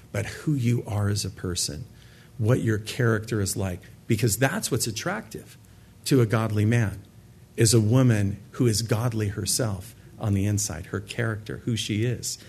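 A man's voice: fairly low pitch, darkish tone, slightly rough. A man preaching a sermon to a congregation in a church, earnest and emphatic, often repeating words for stress. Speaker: pastor. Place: church sanctuary with a live congregation.

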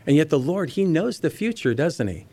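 A man's voice: on the high side, sing-song, moderate pace, warm tone. A man preaching a Bible teaching sermon. He reads passages aloud and explains them in a conversational way, speaking directly to his listeners. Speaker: pastor.

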